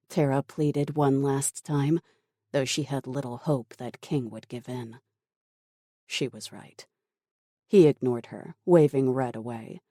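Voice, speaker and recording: An audiobook narrator reading a thriller in a measured, dramatic storytelling manner. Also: medium pitch, fairly even intonation, mellow, no room sound, studio quality.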